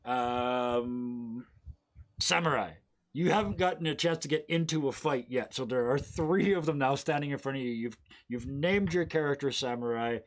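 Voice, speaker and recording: A man's voice: medium pitch, moderate pace. A man narrating as game master of a tabletop role-playing game, laughing often and acting out the scenes.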